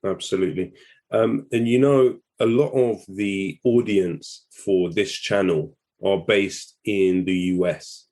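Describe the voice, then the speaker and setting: A man interviewing a guest, putting his questions politely and in a measured way. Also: deep voice, a little mellow.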